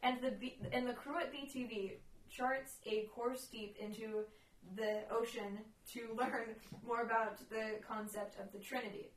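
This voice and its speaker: A woman's voice: on the high side, fairly even intonation, measured pace. Giggly young woman, roomy and distant. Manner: rambling and giggly, full of "like" and "um". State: losing her voice. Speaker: podcast co-host. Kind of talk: casual chat. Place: room at home. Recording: roomy, off-mic, faint noise.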